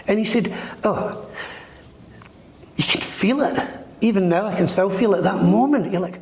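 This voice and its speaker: A man's voice: sits high, moderate pace, long pauses. A man talking as a guest in an interview, telling stories and acting out the voices of the people in them. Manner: animated, acts out the voices in his stories. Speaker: psychic medium guest. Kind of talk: storytelling in a podcast interview. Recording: roomy with long reverb.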